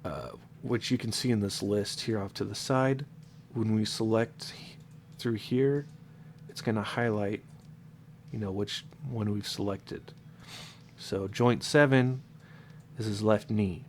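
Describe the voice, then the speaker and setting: A man explains a modding process in a relaxed, slow, low-pitched way, his nose audibly congested from allergies. He talks loosely, with fillers and half-finished words he corrects on the fly. A faint hum of noise sits under the voice. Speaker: modding tutorial maker. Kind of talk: casual screen-recorded tutorial.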